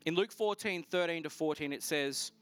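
A man preaching a sermon, telling a personal story in a lively, storytelling way, his voice rising sharply at the exciting moments. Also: on the high side, normal speed, smooth, faint music behind. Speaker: pastor.

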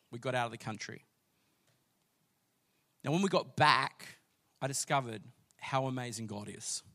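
A man, preaching a sermon and telling a story with rising passion. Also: mid-range voice. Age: late 30s. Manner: storytelling, builds to loud passionate declaring. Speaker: pastor.

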